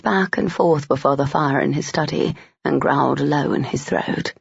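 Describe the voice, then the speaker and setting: An audiobook narrator reading a romance novel in a measured storytelling manner. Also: mid-range voice, creaky, slightly rough, no echo, highs cut off.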